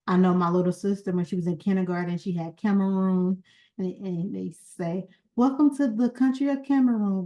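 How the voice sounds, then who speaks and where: Woman, mellow warm tone, casual vlog host, rambling and chatty, a little sleepy. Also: mid-range voice, rough recording. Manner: rambling, searching for words, chatty with laughs. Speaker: genealogy channel founder and host.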